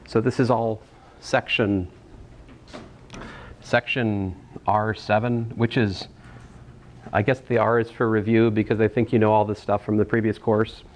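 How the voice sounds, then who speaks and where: A man's voice: lowish voice, flat delivery, measured pace, pauses often, slight background noise. A man teaching a college algebra class in a casual, rambling way, restarting phrases and making jokey asides. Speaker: math instructor. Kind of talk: classroom lecture.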